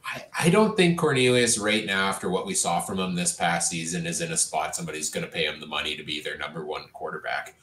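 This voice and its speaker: A man's voice: sits low, fast talker, hardly any pauses, a bit bright, echoey room, slight background noise. A man co-hosting a sports podcast, talking through football moves in long, analytical runs. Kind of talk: casual sports chat.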